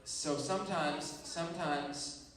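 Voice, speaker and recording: A man's voice: on the high side, takes it slowly, background noise. A man teaching a kids' Bible lesson, telling the story playfully and checking in often with his listeners, recorded in an echoey room from a distance. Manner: animated, playful storytelling with frequent check-ins.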